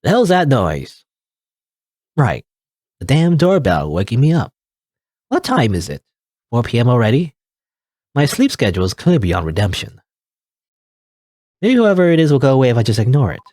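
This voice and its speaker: A man's voice: mid-range voice, huge pitch swings, normal speed, long pauses, a little mellow, dry recording. A man doing a bitter old reclusive heiress. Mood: grumpy. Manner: dry, sardonic grumbling.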